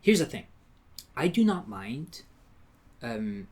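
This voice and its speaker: Podcast co-host, male, lively swooping delivery, laughs a lot, loose and casual. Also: mid-range voice, slow pace. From Quebec. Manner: animated, laughing, casual swearing. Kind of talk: casual chat.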